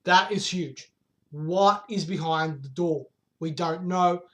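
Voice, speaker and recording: A man excitedly recapping a manga chapter in a casual vlog, firing off rhetorical questions and swearing casually. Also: a little high, takes it slowly.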